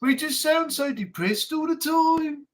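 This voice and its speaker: A glum, bored Birmingham local drags out every word in a slow, mopey drawl with a Birmingham accent, as a live-stream host puts it on. The voice sits a little back from the mic and sounds set apart from the host's usual talk. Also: sits high, pitched above the performer's own voice.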